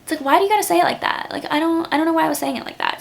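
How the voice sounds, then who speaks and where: In a casual vlog, a young woman in her twenties speaks rapid-fire in a high-pitched voice with vocal fry. She comes across earnest and grateful, saying "like" constantly.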